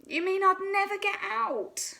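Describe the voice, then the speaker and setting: A woman's voice: very high voice, measured pace, gravelly, bright, forceful tone, pitched above the performer's own voice, exaggerated voice. A woman voicing a plump, hungry male teddy bear who sounds anxious and plaintive in a storybook reading.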